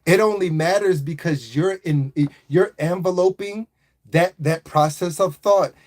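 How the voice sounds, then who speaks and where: A man's voice: high-pitched, a little slow, darkish tone. A man hosting a casual motivational livestream, talking in a preachy, repetitive way and often checking in with his listeners. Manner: repetitive, preachy, keeps asking "right?".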